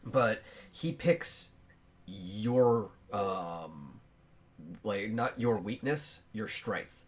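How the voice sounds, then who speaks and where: A man hosting a casual podcast, thinking aloud as he talks, with many pauses and fillers. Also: on the low side, lively intonation. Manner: chews on bread while talking. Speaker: podcast host.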